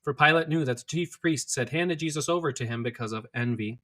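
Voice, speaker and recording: A man reading scripture aloud in a steady, clear manner. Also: mid-range voice, brisk. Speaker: scripture reader.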